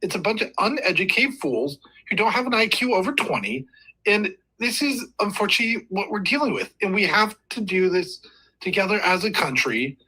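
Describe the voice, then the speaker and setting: Male caller, indignant and emphatic, husky voice with lively pitch. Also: fairly quick, rough recording.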